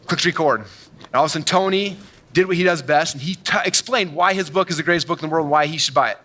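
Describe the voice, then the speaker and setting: A man giving an energetic, boastful keynote talk on stage to a large audience, telling stories with quick asides. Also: a little high. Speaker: conference speaker. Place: large event hall on stage.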